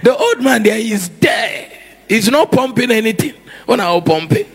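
A man preaching a sermon, animated, acting out scenes with shouts and laughter. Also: high voice, moderate pace, gravelly, husky. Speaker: pastor.

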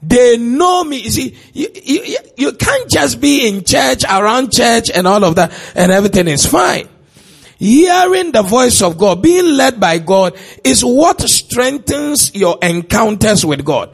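A man preaches a sermon in a husky, gravelly voice. He speaks slowly and stretches his emphatic lines into shouts. He keeps putting questions to the congregation. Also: very high voice, very animated.

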